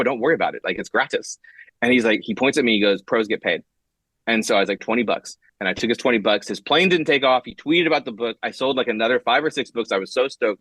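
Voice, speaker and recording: A man's voice: mid-range voice, dry recording. A man being interviewed as a guest comic writer, telling stories casually with lots of fillers and acted-out quotes. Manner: animated, acts out quotes, many fillers and restarts.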